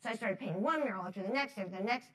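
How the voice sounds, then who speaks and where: A woman from New Jersey giving a talk to an audience, telling stories in a lively, chatty way, laughing often and acting out the voices she quotes. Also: mid-range voice, rapid-fire, low-quality recording. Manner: chatty, many fillers like "like". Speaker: speaker at a foundation talk series.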